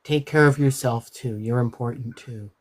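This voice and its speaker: A man in a live-stream chat, speaking in a gentle, reassuring way. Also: mid-range voice, normal speed, a crowd in the background.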